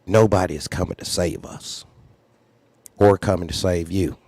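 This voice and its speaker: A man's voice: low voice, fairly even intonation, normal speed, darkish tone, no echo. A man who hosts a trucking channel, talking unscripted with earnest, preachy advice and repeated phrases. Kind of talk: unscripted livestream talk.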